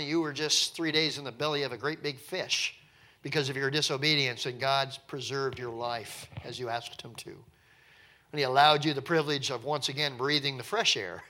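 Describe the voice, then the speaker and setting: A man preaching a sermon in a conversational, animated way with wry asides, at an evening church service. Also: mid-range voice. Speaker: pastor.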